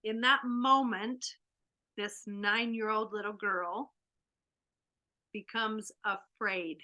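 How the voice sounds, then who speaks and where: A woman hosting an online workshop, telling a family story in a lively way over a video call. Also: mid-range voice, slow pace, long pauses. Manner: animated, acts out a child's panic. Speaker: workshop host.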